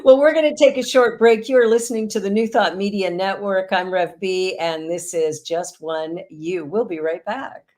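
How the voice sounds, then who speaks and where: A woman hosting a talk show, briskly announcing a break. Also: medium pitch, darkish tone. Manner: brisk, upbeat sign-off. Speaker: host. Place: video call.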